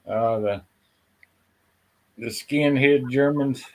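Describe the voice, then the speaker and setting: A man's voice: mid-range voice, very slow, low-quality recording. Folksy man host chatting casually. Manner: folksy, swears casually, self-deprecating. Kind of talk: casual chat.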